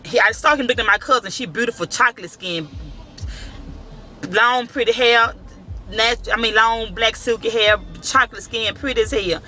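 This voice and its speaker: A man with a very high voice recounts a story to the camera at a moderate pace, faint music playing in the background. The vlogger's speech is casual and profane, and he animatedly acts out the dialogue.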